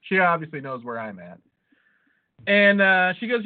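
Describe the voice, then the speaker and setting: High-voiced, profane storytelling man. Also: big pitch swings, moderate pace. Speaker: podcast host. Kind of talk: casual podcast banter. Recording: tinny phone-like sound.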